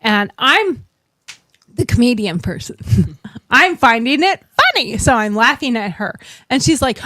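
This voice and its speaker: A woman's voice: high voice, expressive, normal speed, a bit bright, no room sound. A woman telling stories in a blunt way as she chats with friends, swearing freely. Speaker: podcast host. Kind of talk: casual chat.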